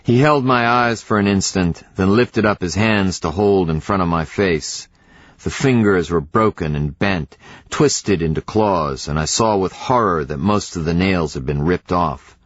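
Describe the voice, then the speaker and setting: Low-voiced male audiobook narrator. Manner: measured, reflective reading. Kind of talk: first-person audiobook narration. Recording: slightly dull, dry studio recording.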